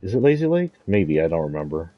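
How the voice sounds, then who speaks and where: A man's voice: sits low, very animated, fast, dry recording, highs cut off, soft background music. A man giving casual, rambling gameplay commentary, thinking aloud and correcting himself as he goes. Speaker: streamer.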